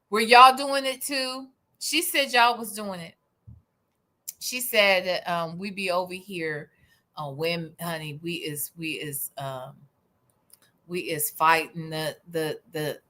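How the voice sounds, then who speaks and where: A woman's voice: fairly low pitch, slow pace, pushed and bright. A woman hosting a livestream, giving sarcastic commentary in a teasing, mock-outraged manner. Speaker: livestream host.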